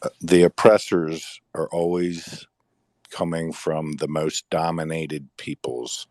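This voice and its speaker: Deep-voiced rambling man, casual chat. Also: steady tone, slow, darkish tone, no echo. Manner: rambling, repeats words, sighs.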